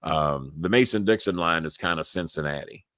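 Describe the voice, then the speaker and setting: An older man with a Southern accent hosts a live podcast, his voice sitting very low. He rambles, restarts words and chuckles often. The sound is dry, with no room echo. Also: moderate pace, fairly bright tone. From Louisville, Kentucky. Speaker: podcast host. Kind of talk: casual live-stream chat.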